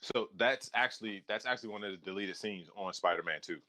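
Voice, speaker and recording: A man's voice: fairly low pitch, brisk, bright, forceful tone. A man casually chatting about movies on a podcast, wry and jokey, swearing freely. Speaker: podcast co-host.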